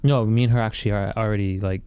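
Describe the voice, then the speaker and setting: A man's voice: on the low side, steady tone, fast, a little mellow, clear, resonant tone. A young man talking as a podcast guest in casual chat, laid-back and matter-of-fact.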